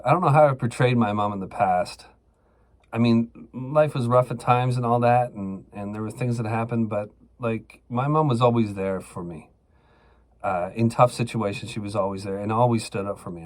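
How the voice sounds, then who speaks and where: A man hosting a show, telling a personal story in a casual, profane, rambling way with lots of fillers. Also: on the low side. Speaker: podcast host.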